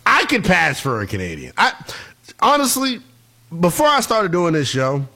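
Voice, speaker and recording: A man's voice: high voice, measured pace. A man hosting a sports talk radio show, joking around and hyping up his segments. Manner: joking, animated, hypes segments.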